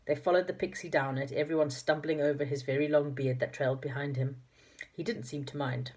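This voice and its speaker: A woman's voice: deep voice, fairly even intonation, a little fast, darkish tone. A woman reading a children's storybook aloud, with occasional slips and corrections. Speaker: narrator.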